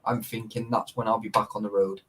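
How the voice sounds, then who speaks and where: A man's voice: on the low side, little pitch movement, brisk, fairly bright tone, low-quality recording. Laddish man chatting on a live stream. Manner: laddish, swears a lot, laughs often. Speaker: livestream host. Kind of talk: casual live-stream chat.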